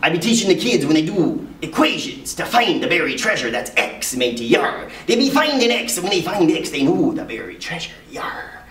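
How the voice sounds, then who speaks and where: A man's voice: fairly high pitch, sing-song, moderate pace, hardly any pauses, fairly bright tone. A man doing a growling pirate. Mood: swaggering. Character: gruff male pirate teaching math. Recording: echoey room from far off.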